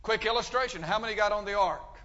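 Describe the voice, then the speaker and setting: A man preaching a sermon, emphatic, pushing his voice up loud and dropping it low. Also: quick pace. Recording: dull sound with long hall reverb.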